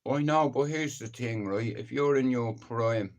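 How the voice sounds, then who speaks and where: A man's voice: mid-range voice, measured pace. A middle-aged man hosting a live stream, ranting casually in a blunt, sweary, rambling way. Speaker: livestream host.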